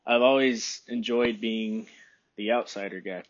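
A man from Texas hosting his podcast in a rambling, relaxed chat, with a phlegmy throat he keeps clearing. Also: fairly low pitch, measured pace, muffled recording. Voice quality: phlegmy, husky. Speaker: podcast host. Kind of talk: casual solo podcast chat. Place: room by a window.

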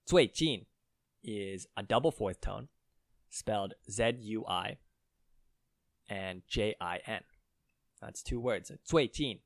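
Man, language lesson, unhurried, low voice, dry close sound. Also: no room sound. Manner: slow, careful spelling out of tones. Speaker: co-host teaching Mandarin.

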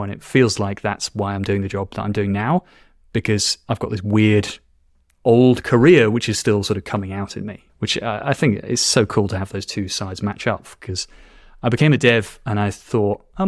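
A man's voice: on the low side, no room sound. A man with a posh British accent, a podcast guest chatting articulately with a dry sense of humor. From England. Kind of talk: casual interview chat.

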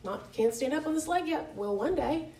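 A woman with a warm, mellow voice leads an informal devotional talk, speaking frankly and conversationally and often correcting herself mid-sentence. She is recorded from across an echoey church room. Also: sits high, lively intonation, moderate pace. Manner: conversational and candid, with many fillers and self-corrections. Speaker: women's Bible study leader. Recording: echoey room, picked up from a distance.

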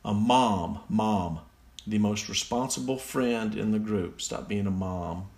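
A man's voice: on the low side, slow, a little mellow. A man reading out slang definitions and mocking them in a casual, sarcastic way, recorded on a phone. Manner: sarcastic, mocking, easily amused. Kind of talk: casual solo commentary.

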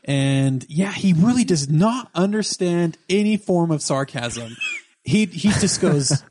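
A man's voice: on the high side, animated, slow, darkish tone. A young man co-hosting a gaming podcast, talking in a dry, sarcastic way. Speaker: podcast co-host. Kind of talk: casual chat.

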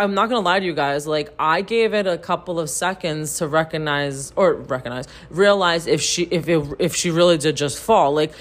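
A woman co-hosting a podcast, telling a story in casual, animated chat to her listeners, swearing freely and saying "like" a lot. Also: lowish voice. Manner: animated, profane, heavy use of "like". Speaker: podcast co-host.

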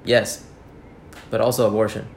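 A man's voice: fairly low pitch, level tone, moderate pace, vocal fry. A young man chatting casually on a podcast with dry, joking banter. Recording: echoey room with faint background ambience.

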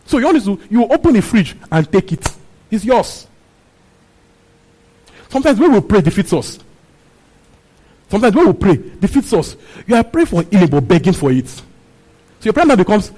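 A man's voice: high voice, very animated, fast, long pauses, warm tone, low-quality recording. A man preaching a sermon, repeating his phrases and asking the congregation questions. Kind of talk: sermon teaching on a Bible passage.

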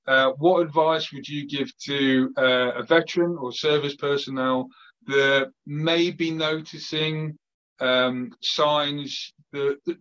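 A man hosting a podcast, asking interview questions in a hesitant, measured way. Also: mid-range voice, a bit bright, highs cut off. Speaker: podcast host.

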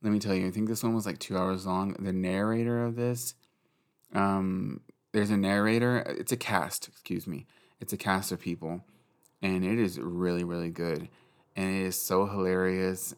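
Late at night, this man chats loosely about books, cursing and laughing at his own remarks. His voice sits low and rings out clear and resonant, the giggly, profane manner of a book vlogger.

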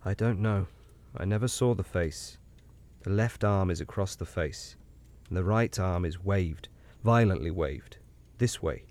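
A man voicing a troubled, grave railway signalman who speaks low, hushed and halting, in an audiobook reading. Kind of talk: audiobook character voice.

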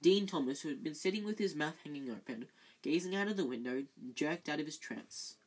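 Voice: medium pitch, animated, brisk, low-quality recording. A reader narrating a children's novel, stumbling over words and correcting themselves. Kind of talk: amateur audiobook reading.

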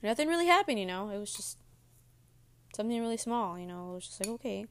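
A woman's voice: mid-range voice, very animated, fast, a little hiss or hum. A young woman vlogger rambling casually to her viewers while eating cereal between words. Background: audible munching on cereal.

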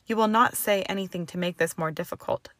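A stern older witch who runs the school scolds in firm, clipped tones, put on by a woman reading aloud. Her voice sits low and hushed, recorded dry and close. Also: a little fast, no echo. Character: stern older Scottish-styled headmistress, strict.

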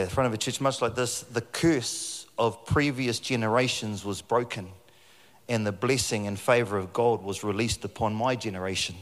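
A middle-aged man preaching a sermon in a church hall on a handheld mic, joking and telling animated stories. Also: on the low side. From New Zealand. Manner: jokey, animated storytelling with frequent laughs.

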